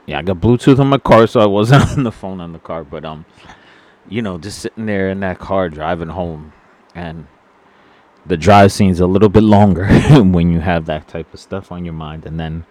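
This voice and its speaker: A man with a very low, deep voice talks straight to his viewers in an unscripted monologue. He is solemn and earnest, and often stops to restart his sentences or reach for words. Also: a little mellow. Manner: halting and solemn, with many fillers and restarts; earnest, sorrowful. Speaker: vlogger.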